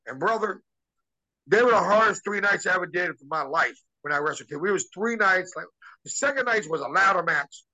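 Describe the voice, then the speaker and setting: A man's voice: sits high, animated, fairly quick, bright, forceful tone, rough recording. A middle-aged man, a former wrestler, telling a story casually and animatedly, acting out quotes with lots of restarts and fillers.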